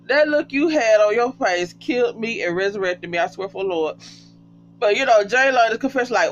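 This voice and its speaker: A casual reality TV recapper talking straight to viewers, often breaking into high, cracking laughter. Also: lively intonation, brisk. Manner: chatty, addresses viewers as y'all. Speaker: TV show recapper. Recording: dull lo-fi sound with faint hum.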